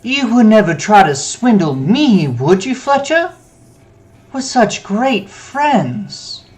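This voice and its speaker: A man's voice: high-pitched, very animated, takes it slowly, voice pushed up, exaggerated voice. A man putting on a smug older guy with a double chin. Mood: smug, coaxing.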